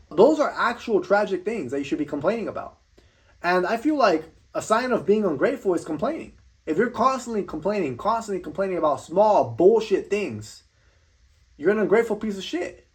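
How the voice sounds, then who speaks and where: Blunt high-voiced man ranting. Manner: blunt, swears constantly, repeats words. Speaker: vlogger. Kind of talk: profane motivational rant.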